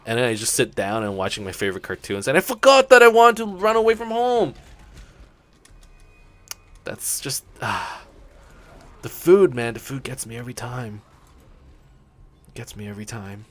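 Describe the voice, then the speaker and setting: Rambling young man, lively voice. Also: mid-range voice, moderate pace, long pauses. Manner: rambling, storytelling, casual swearing. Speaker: gaming channel host. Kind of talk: let's play commentary.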